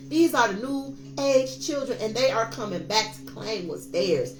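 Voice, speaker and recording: A woman's voice: on the high side, expressive, moderate pace, hardly any pauses. A woman in her fifties giving a casual, preachy tarot reading, talking straight to her viewers. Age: 50s. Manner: emphatic, preachy, addresses viewers as y'all. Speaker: tarot reader. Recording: echoey room with faint music.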